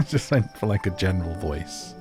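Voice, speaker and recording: A man giving relaxed, chatty commentary over a game, thinking aloud as he plays. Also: low voice, a little slow, over music. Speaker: gaming youtuber. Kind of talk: casual gameplay commentary.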